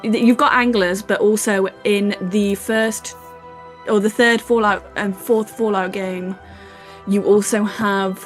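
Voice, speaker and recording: A woman's voice: medium pitch, fairly even intonation, a little slow, soft background music. Nerdy woman co-host explaining at length. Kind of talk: casual chat on a live stream.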